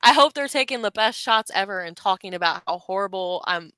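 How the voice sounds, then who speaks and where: A woman's voice: mid-range voice, lively intonation, a little fast, pushed and bright, clear, resonant tone, dry recording. A woman co-hosting a live show, chatting casually and giggling often. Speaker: co-host.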